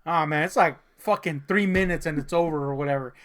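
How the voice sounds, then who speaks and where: A loose, sarcastic movie-review rant full of swearing and laughter, in a mid-pitched voice that sits in the ordinary range. The talk rambles with fillers and restarts as the speaker mocks a film in casual comedic chat. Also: a little fast, a bit bright. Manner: profane, sarcastic ranting with frequent laughs.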